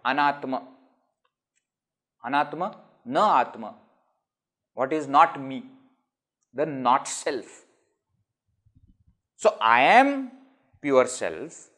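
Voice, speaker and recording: A man's voice: fairly high pitch, a bit bright. A man with an Indian English accent giving a scripture discourse, explaining with rhetorical questions and everyday examples. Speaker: spiritual teacher.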